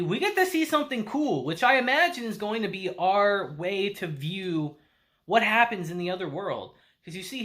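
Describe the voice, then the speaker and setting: Lively slangy man reviewing anime. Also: high voice. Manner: laid-back slangy delivery, laughs often. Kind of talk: casual video review.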